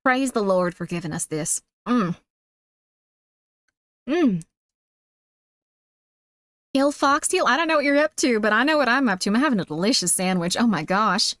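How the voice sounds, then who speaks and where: Squeaky woman with a put-on Southern drawl. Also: lively intonation, moderate pace, long pauses, fairly bright tone, no room sound, clean studio sound. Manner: sweet, effusive, calls viewers sweetie. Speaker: streamer. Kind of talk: casual livestream chat.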